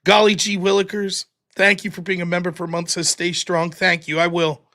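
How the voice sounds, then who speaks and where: A man's voice: high voice, little pitch movement, fairly quick, sharp tone. An American man hosting a live stream, reading viewer donations aloud in a mock-wounded, self-deprecating way. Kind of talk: casual live-stream chat.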